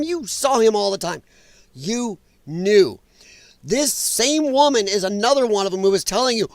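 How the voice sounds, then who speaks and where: Blunt, sarcastic high-voiced male host. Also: lively intonation, normal speed, fairly bright tone, no echo. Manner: blunt, profane, sarcastic ranting; greets chat viewers by name. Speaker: political stream host. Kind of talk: livestream commentary.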